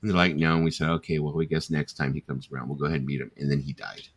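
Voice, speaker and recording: A man's voice: very deep voice, fairly even intonation, rapid-fire, breathy edge. A man hosting a casual late-night chat, telling rambling stories with swearing and laughter. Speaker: host.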